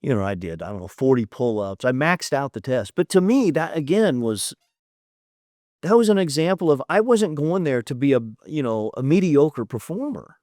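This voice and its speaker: Telling his story in an interview, a man in his fifties stays candid and matter-of-fact while performing the lines people said. His medium-pitched voice is very animated and slightly mellow, moving at a moderate pace, captured dry in a clean studio.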